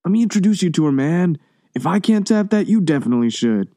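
A brash, crude young acting teacher in an audiobook, boastful and loud, as a male reader voices him. His voice is mellow and dark, close and dry on the mic. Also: high-pitched, big pitch swings, fast, no echo, voice pushed up. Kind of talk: audiobook reading.

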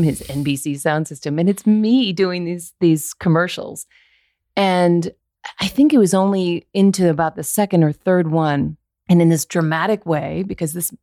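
A woman's voice: deep voice, no room sound, studio quality. A woman in her forties, a voiceover actor, telling a story in a conversational interview and acting out the lines she quotes. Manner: animated, acts out quoted lines.

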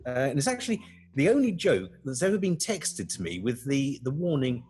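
A man's voice: medium pitch, big pitch swings, fairly quick, darkish tone, faint music behind. A man co-hosting a podcast, chatting in a playful, self-mocking way with stammering restarts. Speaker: podcast co-host. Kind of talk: casual chat.

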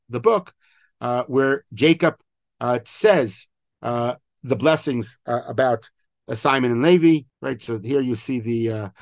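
A man's voice: mid-range voice, no room sound, clean studio sound. A middle-aged man, a rabbi, teaching an online class, explaining and quoting old texts with frequent fillers. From Israel. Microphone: video call microphone.

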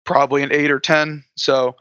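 Man, higher bright voice, casual podcast recap, dry and dull lo-fi audio. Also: level tone, normal speed, smooth, dry recording. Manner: recounting with restarts, light laughter. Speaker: guest player.

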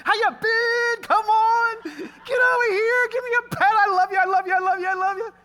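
An overjoyed pet dog squeals its welcome in a shrill, piercing voice, as a preacher puts it on. It gushes and repeats itself in a rush of delight. The tone is bright and sharp. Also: male voice, moderate pace. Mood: ecstatic.

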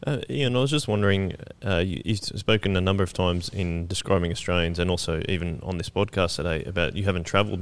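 Deep smooth-voiced man asking a question. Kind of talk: interview question.

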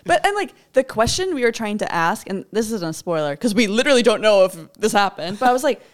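A woman co-hosting a podcast in casual chat, animated and laughing, quoting herself as she talks. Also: medium pitch, fast. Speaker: podcast co-host.

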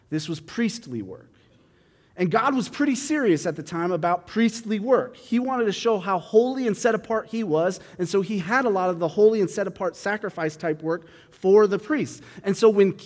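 A man reads a Bible passage and then explains it in a relaxed, conversational way, thinking aloud with fillers and restarts. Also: high-pitched. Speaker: Bible teacher. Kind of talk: reading scripture then explaining it casually. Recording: long hall reverb.

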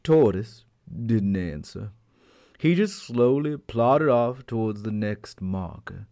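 A man telling a folk tale aloud as a storyteller, in an expressive, unhurried manner. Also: lowish voice. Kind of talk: animated storytelling.

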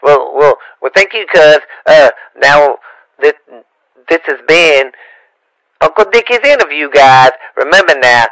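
A man's voice: on the high side, expressive, unhurried, fairly bright tone, no echo, low-quality recording. A man from Louisiana with a Cajun accent, chatting as a podcast guest in a rambling, stammering way with playful rhymes. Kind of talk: casual podcast banter.

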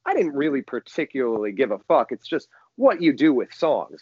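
A man rambles through a story as a podcast guest, his pitch bouncing all over as he piles up restarts and fillers. The sound is dry and a little dull, close to the mic. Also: sing-song, moderate pace, a little mellow, husky, no echo. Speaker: musician guest.

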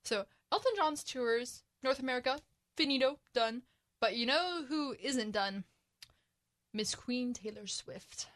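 Chatty woman on school radio, bright tone, a bit high, upbeat. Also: lively intonation. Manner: chatty, upbeat, drawn-out emphasis. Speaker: radio show host. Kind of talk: casual radio chat and scripted sports update.

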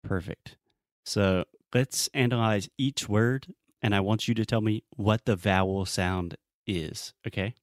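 A man's voice: fairly low pitch, unhurried, dry recording, clean studio sound. A young man teaching English pronunciation, coaching a student in a playful, joking way. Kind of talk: casual pronunciation lesson.

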